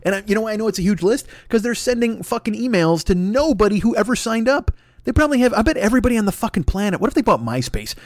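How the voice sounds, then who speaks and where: A man's voice: high-pitched, sing-song, quick pace, no room sound, clean studio sound. A man in his fifties ranting alone at a desk, rambling, exasperated and full of swearing. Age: 50s. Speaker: podcast host. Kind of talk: solo comedic rant.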